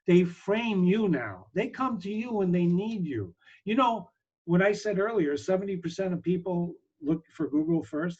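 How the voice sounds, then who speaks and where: High, husky-voiced emphatic business speaker man. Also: darkish tone, dull audio. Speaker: business strategist guest. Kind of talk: interview talk.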